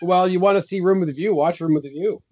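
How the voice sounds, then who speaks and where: A man's voice: high-pitched, fast talker, no echo. A man co-hosting a film podcast, making wry, playful remarks and reading out listener reviews in casual chat. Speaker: podcast co-host. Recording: slightly dull lo-fi audio.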